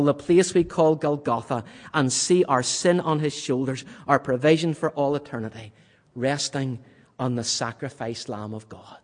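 Preaching man in a reverberant church. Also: fairly high pitch. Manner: dramatic swings from loud to hushed. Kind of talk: sermon.

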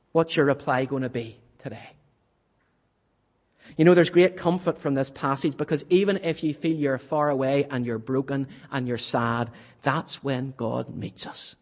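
A man preaching a sermon in a church, swinging from loud, vivid passages to hushed, almost whispered questions. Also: medium pitch, normal speed, big-room sound.

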